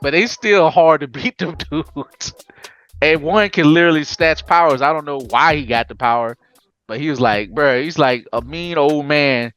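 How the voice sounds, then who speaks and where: A man hosting a casual anime podcast, telling it in an animated, slangy way with frequent laughs. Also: a little high, normal speed, smooth. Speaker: podcast host.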